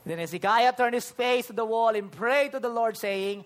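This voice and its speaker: Filipino-accented preacher, lively delivery, acts out dialogue and scripture voices during the sermon. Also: medium pitch, normal speed, hardly any pauses. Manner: animated, acts out conversations and Bible speeches in voices. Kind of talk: sermon mixing Tagalog and English.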